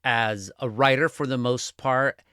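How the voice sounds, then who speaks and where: A man from Southern California, a newspaper columnist, talking as a guest in a casual podcast conversation with a wry, animated, self-deprecating manner. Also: medium pitch, measured pace, smooth, dry recording, studio quality.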